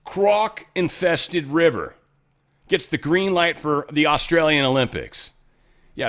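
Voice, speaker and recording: A man's voice: medium pitch, fairly bright tone. Blunt, profane male commentary host. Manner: blunt, profane, rambling asides. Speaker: show host. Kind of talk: casual political commentary.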